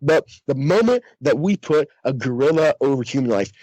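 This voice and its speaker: A man's voice: medium pitch, lively intonation, moderate pace, a little mellow, dry recording, rough recording. A young man, author and outdoors radio host, talking emphatically and preachily in a podcast discussion.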